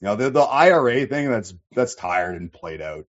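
A man's voice: medium pitch, big pitch swings, moderate pace, muffled recording. A man hosting a casual livestream, reading chat and rambling with lots of swearing and fillers. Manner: rambling, profane, many fillers.

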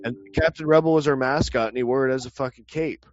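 Rambling man, mid-pitched and dry. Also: steady tone, quick pace, no echo, lo-fi sound. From Canada. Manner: rambling, profane, laughs often. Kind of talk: casual chat.

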